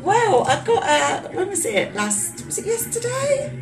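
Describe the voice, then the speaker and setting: A woman's voice: very high voice, wildly swooping pitch, measured pace. A woman co-hosting a podcast, full of teasing, laughing banter. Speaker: podcast co-host. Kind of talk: casual chat. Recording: echoey room with loud music.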